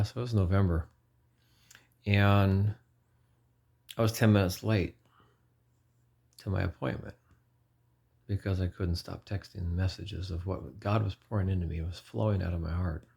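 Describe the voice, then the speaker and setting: Low husky man rambling through his testimony. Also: darkish tone. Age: 40s. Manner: rambling, earnest, often correcting himself. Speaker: lay preacher. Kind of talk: informal personal testimony.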